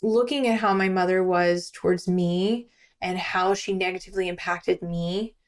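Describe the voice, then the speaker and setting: A woman's voice: fairly low pitch, fairly even intonation, normal speed. A young woman, a podcast guest, chatting casually and telling her story with animation, acting out her own past lines. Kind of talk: casual chat.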